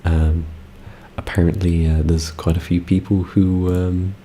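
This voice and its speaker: Low, laid-back British male streamer. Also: little pitch movement, measured pace, mellow, a little hiss or hum. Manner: laid-back and giggly, rambling with fillers. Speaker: ASMR streamer. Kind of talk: casual live-stream chat, reading chat.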